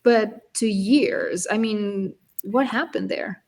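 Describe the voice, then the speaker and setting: A woman hosting a podcast interview over a video call, asking questions with many fillers. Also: mid-range voice. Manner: unhurried with fillers. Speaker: podcast host.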